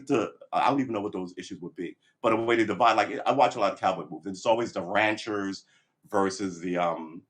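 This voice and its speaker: A man hosting a livestream, talking through his opinions in a rambling, blunt way with frequent restarts and swearing. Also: on the low side. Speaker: livestream host. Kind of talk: casual opinion monologue.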